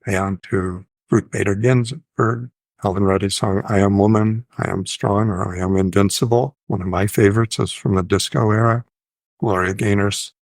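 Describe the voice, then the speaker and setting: Speaking as a psychiatrist host, a man with a fairly low, gravelly voice explains things in an informal educational style, thoughtful and measured, often correcting himself. Occasionally he intones short phrases in a sing-song rhythm. The sound is dry and close, with no echo.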